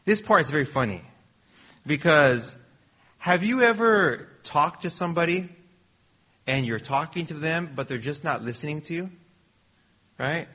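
Male preacher, sermon delivery: unhurried, slightly raspy, earnest, often restarts phrases. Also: a little high, lively intonation, pushed and bright.

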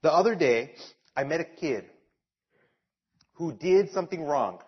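A man's voice: a little high, unhurried, husky. Man preaching a sermon, lo-fi. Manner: animated storytelling, repeats key phrases. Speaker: pastor. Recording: dull lo-fi sound.

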